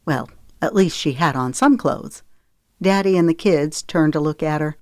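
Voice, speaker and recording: A woman's voice: deep voice, normal speed, no echo. Woman narrating a romance audiobook, dry sound. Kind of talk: scripted narration.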